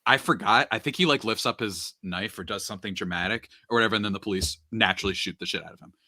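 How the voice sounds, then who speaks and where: A man in casual podcast chat, retelling a movie plot with animated, running storytelling. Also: on the low side, fast talker, no echo, studio quality. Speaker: podcast speaker.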